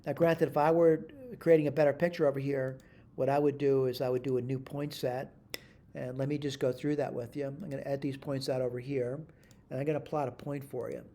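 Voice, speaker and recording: Mellow-voiced man thinking aloud through math. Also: medium pitch, flat delivery, fairly quick. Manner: thinks aloud, self-correcting, frequent "all right?". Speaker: math instructor. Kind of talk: screen-recorded math tutorial.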